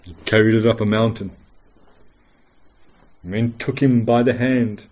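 A man preaching a dramatic, earnest sermon full of rhetorical questions, swinging between loud declarations and hushed words. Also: lowish voice, fairly even intonation, a little slow, muffled recording.

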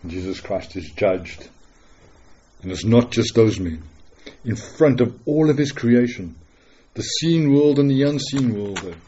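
A man preaching a dramatic, earnest sermon full of rhetorical questions, swinging between loud declarations and hushed words. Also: medium pitch, lively intonation, unhurried, lo-fi sound, a little hiss or hum.

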